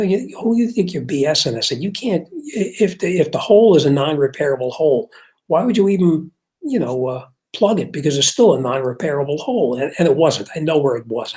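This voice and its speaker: An older man who runs a repair shop, hosting a casual talk show and telling a long story in a rambling way, acting out both sides of an argument. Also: medium pitch. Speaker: car repair shop owner and show host.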